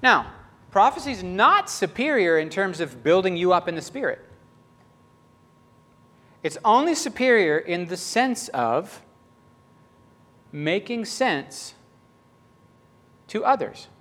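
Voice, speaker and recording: A man giving a casual, story-filled sermon, chatty and animated, often laughing and acting out what people said. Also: sits high, takes it slowly, long pauses. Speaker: pastor.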